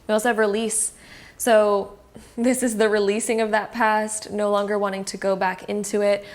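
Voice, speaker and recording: A woman's voice: medium pitch, level tone, moderate pace. A woman giving a casual, reassuring tarot card reading, speaking straight to the viewer with frequent fillers.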